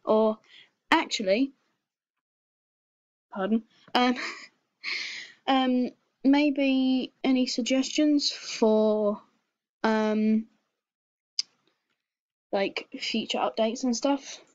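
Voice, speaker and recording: A woman's voice: on the high side, drawn-out words, pauses often, darkish tone, dry recording. A young woman with an English accent chatting on a call, giggly and hesitant with many ums. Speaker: video host. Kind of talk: casual chat on a call. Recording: lo-fi muffled recording.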